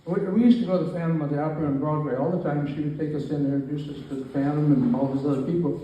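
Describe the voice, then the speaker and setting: Here a nonagenarian man, speaking at his own birthday party, rambles and jokes at his own expense while teasing his guests. He talks at a racing pace in a fairly high, dark-toned voice with fairly even intonation. The lo-fi recording comes from a distant mic in an echoey room, with faint background noise.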